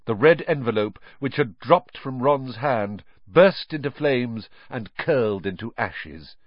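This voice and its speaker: A man reading a children's novel aloud as audiobook narrator, with expressive storytelling. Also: medium pitch, a little slow, no echo. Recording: dry, dull lo-fi recording.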